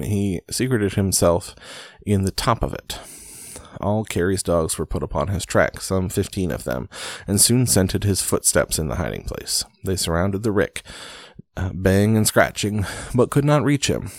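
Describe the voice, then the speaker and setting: A man's voice: low voice, no room sound, clean studio sound. A man reading a book aloud and breaking off for wry, self-deprecating comments, with fillers and restarts as he goes. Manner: wry, self-deprecating asides between read passages; reads slowly with frequent fillers and restarts. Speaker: reader and commentator.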